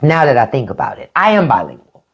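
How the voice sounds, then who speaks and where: A woman's voice: extremely low pitch, wildly swooping pitch, highs cut off. A middle-aged woman from the Washington DC area, chatting casually as a livestream host. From DMV area (Washington DC region). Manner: chatty, drawn-out word play, frequent laughs.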